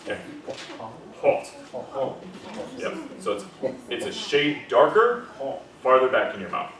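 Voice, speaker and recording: With a mid-range voice that swoops wildly in pitch, a man teaches a conversational diction class on British pronunciation for singers at a moderate pace, voicing vowel sounds and often asking "okay?" or "right?" to check students follow. A crowd can be heard behind him, and the recording has an echoey room, distant mic and faint noise.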